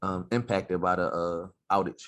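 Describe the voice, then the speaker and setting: A man co-hosting a podcast in quick, playful, teasing banter. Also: sits low, fairly even intonation, fairly bright tone. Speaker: podcast co-host. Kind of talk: casual chat.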